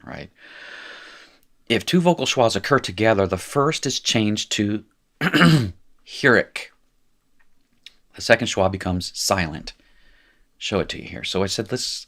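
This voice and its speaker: A man's voice: low voice, a bit bright. A man teaching a live recorded language lesson, chatty and jokey, correcting himself as he goes.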